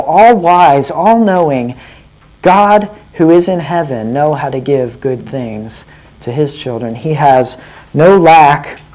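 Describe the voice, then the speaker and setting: A man's voice: fairly high pitch, darkish tone, low-quality recording. A man preaching a sermon in an earnest way, often putting direct questions to his listeners.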